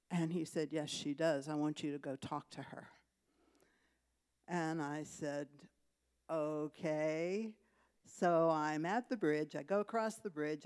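A woman telling two testimonies to her church, chatty and lively, with laughs and fillers as she tells the story. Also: deep voice. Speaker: church member giving testimony.

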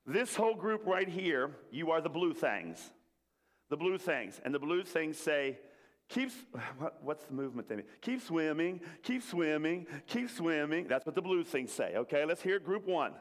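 Joking preacher in an echoing church hall. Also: male voice, on the high side. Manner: jokey, leads the crowd in call-and-response. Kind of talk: playful interactive sermon. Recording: long reverb of a large hall.

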